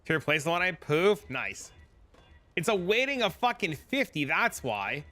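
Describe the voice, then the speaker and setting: Bright-voiced young streamer, swearing. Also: male voice, fairly high pitch, big pitch swings, moderate pace. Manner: profane, chatty, answers chat. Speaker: game streamer. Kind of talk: casual live-stream commentary.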